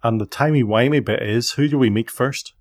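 Man in midlife, hosting a relaxed podcast chat. He talks at an everyday pitch, asks lots of questions and often restarts his sentences. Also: fairly quick. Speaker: podcast host. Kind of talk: casual family podcast chat.

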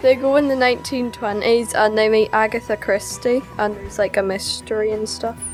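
A woman's voice: fairly high pitch, steady tone, normal speed, soft background music. A young girl, giving brief, offhand answers in a casual podcast chat. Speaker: podcast guest.

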